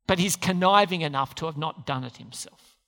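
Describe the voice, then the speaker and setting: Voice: medium pitch, a little fast, a bit bright. A preacher giving a sermon, telling a story with rhetorical questions and acted-out quotes. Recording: long hall reverb.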